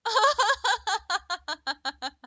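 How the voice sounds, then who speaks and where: A woman's voice: very high-pitched, sing-song, very slow, bright, forceful tone, no room sound. A young adult woman streamer chatting casually with viewers, playful and teasing, laughing often. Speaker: art streamer. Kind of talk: casual livestream chat.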